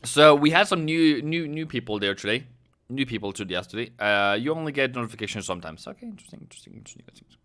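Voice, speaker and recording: A man's voice: mid-range voice, animated, brisk, a bit bright. Chatty man streaming live trades. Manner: chatty, rambling, talks to viewers by name. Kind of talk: casual live-stream commentary.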